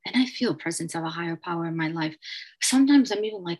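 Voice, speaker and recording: A woman's voice: on the low side, fast. A woman giving an earnest personal share at a recovery meeting, often repeating and restarting her phrases.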